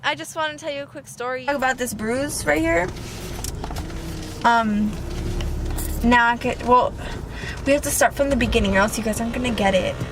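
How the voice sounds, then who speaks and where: A woman's voice: on the high side, normal speed, pauses often, background noise. A teenage girl telling a casual storytime vlog from inside a car, chatty and full of "like", acting out what people said. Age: teens. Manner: chatty, lots of "like" and acted-out quotes. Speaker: vlogger.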